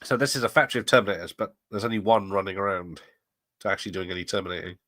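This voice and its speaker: A man's voice: low-pitched, fairly even intonation, racing, a bit bright, dry recording. A middle-aged man hosting a watch party, chatting casually, laughing often and wandering into asides while he reads the chat. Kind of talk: casual live commentary reading chat.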